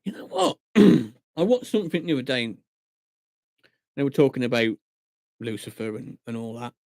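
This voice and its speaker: A man's voice: mid-range voice, moderate pace. A chatty man talking off the cuff on a late live stream, telling stories and acting out little quotes as he goes. His voice sits in a middle register and comes across dry and close, with no room echo. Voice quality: chatty, animated storytelling with acted-out quotes. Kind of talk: casual live-stream chat. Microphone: desk mic at a computer monitor.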